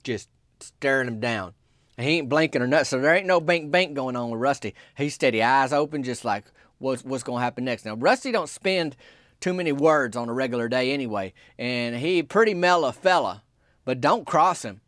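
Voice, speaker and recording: A man telling a comic story in a rambling, deadpan, folksy way. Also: medium pitch, fairly quick, no room sound, clean studio sound.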